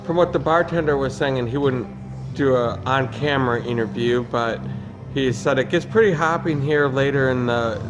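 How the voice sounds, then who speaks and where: A man's voice: mid-range voice, normal speed, music in the background. A man hosting a casual travel vlog, chatty and self-deprecating, with hesitant restarts, recorded on a camera mic while out and about. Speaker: travel vlogger host. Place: out and about in a city neighborhood and a bar.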